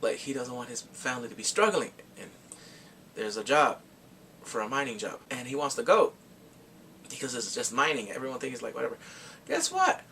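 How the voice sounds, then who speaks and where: A man's voice: medium pitch, fairly quick, vocal fry, pushed and bright, slight background noise. A man casually retelling a movie's plot for his review, chatty and rambling with lots of filler restarts. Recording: voice slightly distant from the mic.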